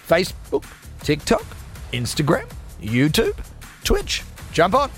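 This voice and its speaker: Hyped high-voiced radio host. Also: male voice, huge pitch swings, takes it slowly, a bit bright, soft background music. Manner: jokey, self-mocking, hyped. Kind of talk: upbeat radio show patter.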